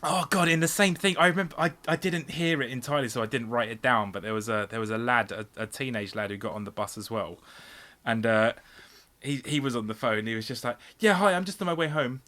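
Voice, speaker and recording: A man's voice: medium pitch, brisk, sharp tone. A man co-hosting a podcast, chatting loosely and rambling, with lots of "like" and casual swearing. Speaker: podcast co-host. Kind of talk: casual chat.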